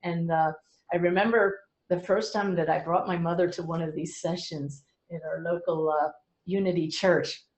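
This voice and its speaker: Middle-aged woman, lowish voice, earnest explainer with a light touch of humor, roomy echo. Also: steady tone, moderate pace. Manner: earnest, gently humorous storytelling. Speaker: medium and speaker. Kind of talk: explaining to a webinar audience.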